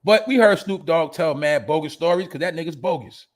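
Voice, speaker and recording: Animated, profane man. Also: fairly high pitch, a little fast. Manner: animated, profane, laughing asides. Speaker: podcast host. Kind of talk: casual commentary.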